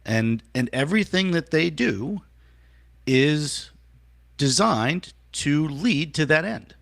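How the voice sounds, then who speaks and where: A man's voice: fairly high pitch, animated, takes it slowly, creaky, fairly bright tone, no echo, clean studio sound. A man co-hosting a political talk show, chatting along and expanding on the host's points. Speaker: co-host.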